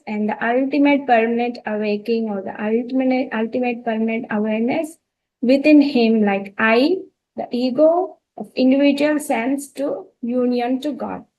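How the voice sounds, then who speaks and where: A woman's voice: fairly high pitch, darkish tone, slight background noise, low-quality recording. Earnest woman with an Indian English accent. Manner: earnest, with many fillers and restarts. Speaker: spiritual talk presenter. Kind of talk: storytelling talk.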